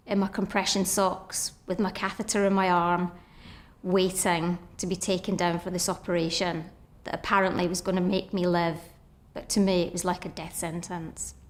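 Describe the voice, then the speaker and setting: A middle-aged woman telling her own story earnestly, often voicing her past thoughts as quotes. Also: on the low side. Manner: earnest, reliving moments in inner-voice quotes. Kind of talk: personal storytelling.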